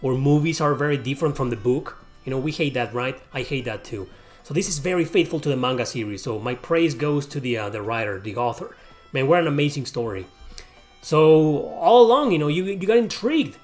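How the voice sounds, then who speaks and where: A man's voice: medium pitch, lively intonation, brisk, darkish tone, soft background music. A man hosting his own channel, ranting heatedly and profanely to camera, often repeating himself. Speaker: YouTube host.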